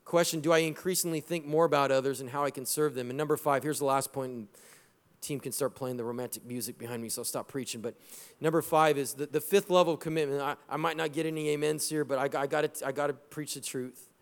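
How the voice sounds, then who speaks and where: A middle-aged man preaching a sermon as pastor, lively and exhorting, mixing scripture with personal stories. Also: on the high side, fast. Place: church sanctuary. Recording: long hall reverb in a church.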